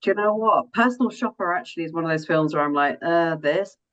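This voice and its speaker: A woman hosting a casual film-review podcast, chatty and quick to laugh, sometimes hunting for the right words. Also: low-pitched, fairly bright tone. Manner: chatty, giggly, searches for words. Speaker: podcast host. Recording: slightly dull, lo-fi sound.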